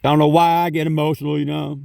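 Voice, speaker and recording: A man's voice: on the high side, flat delivery, quick pace, gravelly, a little mellow, dry recording, recorded from a distance. A man giving a casual spiritual talk on his phone, rambling, swearing freely and saying "you know" often. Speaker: spiritual vlogger.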